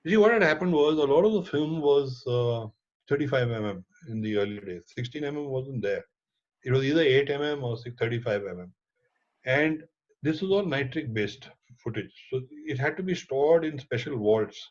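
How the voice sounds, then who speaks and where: A middle-aged man with an Indian accent, a documentary filmmaker telling a lively story in conversation and mixing in Hindi words and casual swearing. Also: fairly high pitch. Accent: Indian English. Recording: dull lo-fi audio.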